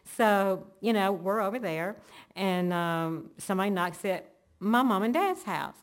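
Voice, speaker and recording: A woman's voice: mid-range voice, expressive, unhurried. A woman telling an earnest, emotional personal faith testimony, linking events one after another. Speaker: church member giving testimony.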